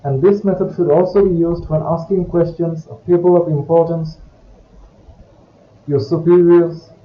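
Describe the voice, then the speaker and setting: A man with a slightly high voice explains French grammar step by step, in a careful teaching manner. The sound is dull, with a roomy echo and faint background hiss. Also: steady tone. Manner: slow, careful, explanatory delivery. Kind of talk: recorded grammar lesson.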